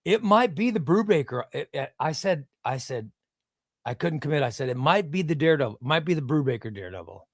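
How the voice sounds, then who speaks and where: Rambling man with a higher voice. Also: animated, brisk, dry recording, clean studio sound. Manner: rambling, repeats words, reads chat aloud. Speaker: comics livestream host. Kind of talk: casual live-stream chat. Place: home room with comic shelves.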